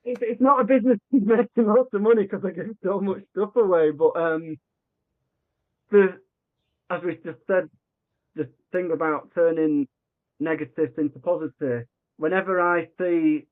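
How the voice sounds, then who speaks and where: A man telling a story on a narrow, tinny line that sounds like a phone call. His voice sits a little high for a man, and he acts out every quoted line with lots of restarts and false starts. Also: normal speed. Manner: animated, acts out quoted dialogue, frequent restarts. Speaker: podcast guest. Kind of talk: conversational storytelling.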